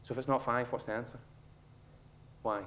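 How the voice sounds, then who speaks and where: A man in his thirties with a Scottish accent, giving a humorous motivational talk on stage and acting out a child's lines with animated storytelling. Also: mid-range voice, brisk, a little hiss or hum. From Scotland. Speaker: speaker. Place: auditorium stage.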